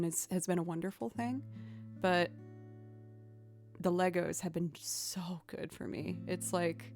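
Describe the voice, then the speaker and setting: A woman's voice: lowish voice, a little mellow. A young woman streaming, chatting casually with viewers in a rambling way, with lots of "like" and "um".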